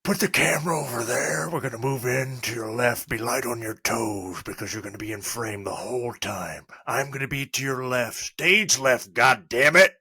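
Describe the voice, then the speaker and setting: A gruff old film director snaps clipped orders in a gravelly, husky rasp, as a man puts him on. The voice is tense and sharp-edged. It is recorded dry and close, with no room echo. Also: mid-range voice, normal speed, few pauses. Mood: barking orders. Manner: curt, clipped commands.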